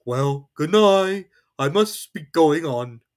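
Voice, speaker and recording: A reader voicing a slow, mournful storybook bear. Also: mid-range voice, animated, voice pushed up. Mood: plaintive. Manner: slow, drawn-out, mournful delivery. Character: slow, plaintive, honey-loving young bear. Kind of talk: storybook reading.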